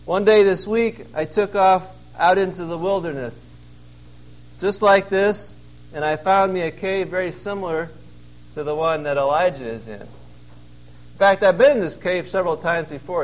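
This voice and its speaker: Earnest preaching man, fairly high voice. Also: normal speed, poor audio. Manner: earnest, conversational preaching with emphatic quoted lines. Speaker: pastor. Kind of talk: sermon. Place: outdoors in a wilderness cave.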